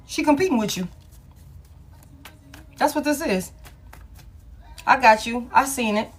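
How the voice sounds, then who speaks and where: A woman with a slightly high voice gives a live tarot reading. She talks casually and with emphasis, and she swears freely. She drives each point home by saying it again and again. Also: lively intonation, unhurried, slightly rough, soft background music. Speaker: tarot reader.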